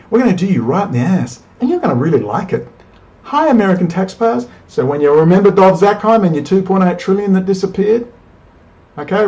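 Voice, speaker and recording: A man's voice: high-pitched, a little mellow, low-quality recording. A man hosting a political commentary, ranting in an angry, profane, rambling way. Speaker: commentary host.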